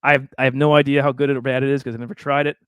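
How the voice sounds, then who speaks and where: A man's voice: medium pitch, little pitch movement, racing, a bit bright, smooth, dry recording. A man hosting a casual livestream, talking in a chatty, rambling way with laughs and repeated words. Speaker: livestream host.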